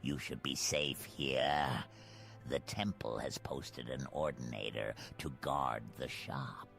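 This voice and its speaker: A man doing a slow, gravelly cat-folk bookseller. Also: very deep voice, a bit bright, full character voice. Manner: slow, grave, speaks of himself by name. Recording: game audio over music.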